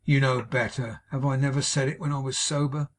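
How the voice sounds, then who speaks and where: A man with a husky voice playing a drunken, cruel young husband who bullies and sneers at his wife in an audiobook. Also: mid-range voice, fairly even intonation, fairly quick, natural voice. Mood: contemptuous. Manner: snarling, contemptuous. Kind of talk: audiobook character voice.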